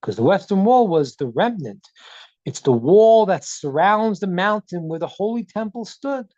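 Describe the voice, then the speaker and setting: A man's voice: high-pitched, animated, normal speed, darkish tone, no room sound, dull audio. A man teaching as a rabbi over a video call, earnest, repeating words as he builds a point and retelling stories with dialogue. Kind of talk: Zoom teaching talk.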